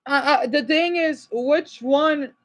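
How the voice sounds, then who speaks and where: A man's voice: extremely high pitch, takes it slowly, fairly bright tone. A man ranting at his livestream chat, agitated and exasperated, scolding and sighing with tiredness.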